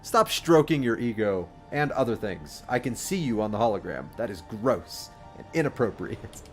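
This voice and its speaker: A man doing livestream commentary over a video game, joking, giggling often and shouting out during fights. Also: on the low side, sing-song, moderate pace, faint music behind. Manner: giggly, jokey, loud exclamations in fights. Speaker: game streamer.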